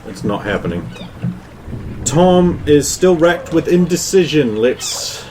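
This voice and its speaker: A man's voice: fairly high pitch, sing-song, slow, noisy background. A man running a tabletop game as game master, narrating loosely with many fillers.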